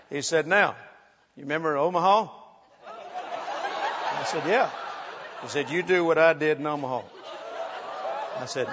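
High-voiced animated preacher in a hall. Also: male voice, normal speed, pauses often, highs cut off, a crowd in the background, noisy background. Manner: animated, humorous, acts out quotes, laughs often. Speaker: preacher telling ministry stories. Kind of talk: sermon storytelling.

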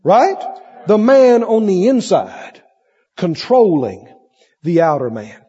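A man preaching a sermon with lively delivery, playing out cravings in mock voices, recorded on a muffled tape in a hall. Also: sits high, slow, slightly rough.

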